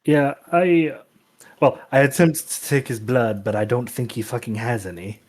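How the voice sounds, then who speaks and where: A man's voice: mid-range voice, normal speed, darkish tone. A man playing a tabletop game in a casual, rambling way, laughing often. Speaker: player. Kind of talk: tabletop role-play.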